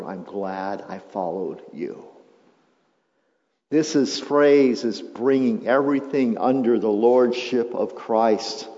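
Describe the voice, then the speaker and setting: A male pastor preaching a sermon, moving from quiet, reflective passages to loud, emphatic build-ups. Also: mid-range voice. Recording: muffled sound with long hall reverb.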